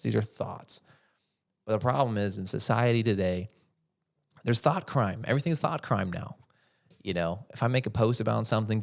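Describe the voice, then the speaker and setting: A man's voice: lowish voice, vocal fry. A man hosting a podcast, giving an opinionated monologue and asking rhetorical questions that he answers himself. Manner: rhetorical, asks questions then answers them. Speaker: podcast host.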